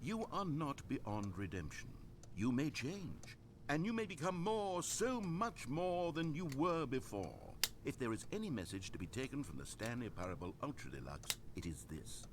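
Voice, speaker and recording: A man's voice: mid-range voice, very animated, moderate pace, noisy background, close to an everyday voice. An actor playing a wry, grandiose male narrator in a video game, delivering scripted lines with theatrical expression.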